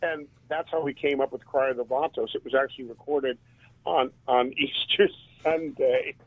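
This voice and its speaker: A man, a band drummer and interview guest, telling stories in a casual and animated way and laughing often. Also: mid-range voice, normal speed, dry recording. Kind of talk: casual storytelling. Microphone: phone. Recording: tinny phone line.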